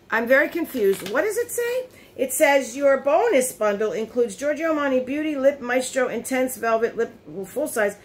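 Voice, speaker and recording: A woman vlogger chatting casually as she unboxes beauty products, easily surprised and quick to laugh, recorded on her phone. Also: sits high, a bit bright.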